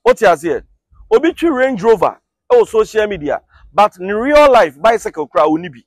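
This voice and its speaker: A man with a Ghanaian accent who hosts a channel, talking casually and explaining things step by step in a relaxed, chatty way. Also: high-pitched, normal speed, dry recording, studio quality. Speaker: YouTube host explaining song lyrics. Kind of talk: casual explanatory talk to camera.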